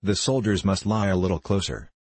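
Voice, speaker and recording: A man reading a gruff, grim ship's surgeon. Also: low-pitched, fairly quick, dry recording. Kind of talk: audiobook character voice.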